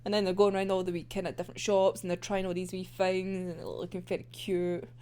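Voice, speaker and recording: A woman's voice: lowish voice, flat delivery, fast talker, a little mellow, clean tone. A young woman casually recapping a manga plot, giggling often and swearing freely as she tells it. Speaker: manga reviewer.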